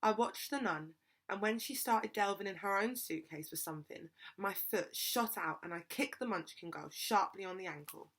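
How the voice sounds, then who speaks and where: A woman reads a children's novel aloud. Her narration is steady and expressive, at a middling pitch. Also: moderate pace. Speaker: reader.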